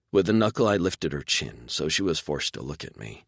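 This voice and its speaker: Man, audiobook narrator, first-person romance, deep voice, dry close mic. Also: big pitch swings, a little fast, vocal fry, hardly any pauses, no room sound.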